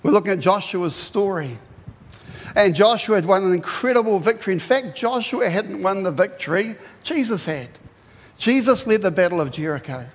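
A man preaches a sermon with a high, bright-sounding voice, retelling the story in an animated way and breaking into loud acted-out quotes. His voice rings with a long reverb from the hall he is speaking in. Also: moderate pace. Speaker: pastor.

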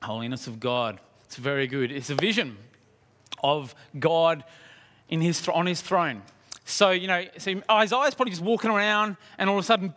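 A man with a fairly high voice delivers a sermon with animated energy. He acts out the story and throws questions to his listeners. His words ring on in a large reverberant hall. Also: moderate pace. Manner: animated, acts out scenes, asks the congregation questions. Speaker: preacher.

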